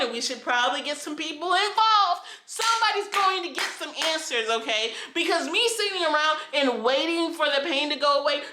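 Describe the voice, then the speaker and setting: Impassioned high-voiced young woman vlogger. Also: sharp tone. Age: 20s. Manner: impassioned and emphatic, repeats phrases for force. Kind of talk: emotional personal storytelling vlog. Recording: echoey room.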